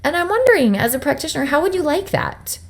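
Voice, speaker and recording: A woman's voice: sits high, big pitch swings, fast. Woman, young adult, webinar coach; casual, upbeat and direct with viewers. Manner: chatty, upbeat, addresses viewers directly with frequent "right?". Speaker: business coach presenting a webinar. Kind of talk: webinar teaching.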